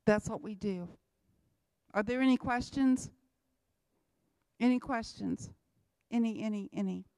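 Woman, church testimony speaker, emphatic and repetitive, slightly high, dry mic. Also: a little slow, gravelly, darkish tone, no room sound. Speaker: missionary speaker.

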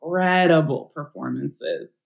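A woman's voice: low-pitched, unhurried, gravelly. A woman guest on a podcast, chatting casually and animatedly, laughing often and using slang. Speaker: guest writer and producer.

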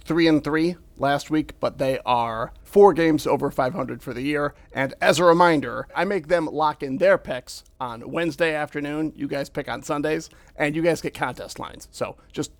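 A man, the podcast's producer, cutting in calmly to settle the hosts down. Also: on the high side. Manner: calm, measured, settling the hosts down.

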